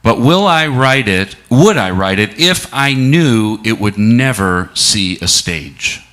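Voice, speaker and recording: A middle-aged man speaking a sermon at a church service, reflective and unhurried, posing many rhetorical questions to the congregation and slowing down for emphasis. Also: fairly low pitch, lively intonation, a bit bright.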